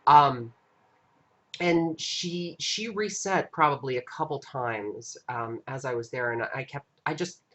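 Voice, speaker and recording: A man with a bright, forceful voice tells a story on his live stream. He talks casually and earnestly, often stopping to restart his sentences as he goes. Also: mid-range voice. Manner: earnest, halting recounting with frequent restarts.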